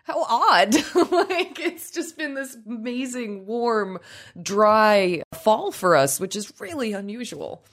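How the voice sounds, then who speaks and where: A woman's voice: on the high side, expressive, slow pace, a bit bright. A woman co-hosting a podcast in casual chat, talking with many restarts and laughing often, with a voice strained from overuse. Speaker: podcast co-host.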